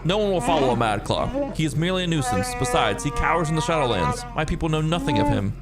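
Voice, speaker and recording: A man's voice: a little high, sing-song, fast, over loud music. A man reading aloud as a pompous Wookiee chieftain. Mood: haughty. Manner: pompous, boastful, dismissive. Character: arrogant scheming male Wookiee chieftain. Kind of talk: reading game dialogue aloud in character.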